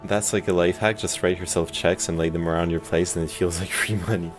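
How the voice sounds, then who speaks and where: A man's voice: low-pitched, fairly even intonation, fairly quick, soft background music. A man streaming a game, reading his dialogue choices aloud and chatting casually. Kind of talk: casual gameplay commentary.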